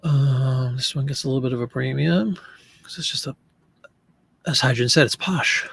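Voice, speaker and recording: A man's voice: mid-range voice, normal speed, vocal fry, slightly rough. A man casually talking through an online listing session, joking and fumbling over French pronunciation. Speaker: online reseller listing print ads.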